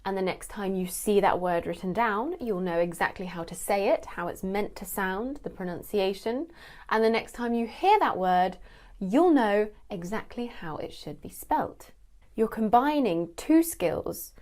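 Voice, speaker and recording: A woman gives a scripted lesson to camera, speaking clearly and slowing down to model how words are pronounced. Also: mid-range voice, animated, a little mellow. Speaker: English teacher.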